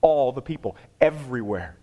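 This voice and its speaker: A man's voice: medium pitch, expressive, normal speed, dark tone, dull audio. A man preaching a sermon in a conversational, emphatic way, repeating phrases for effect. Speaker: pastor.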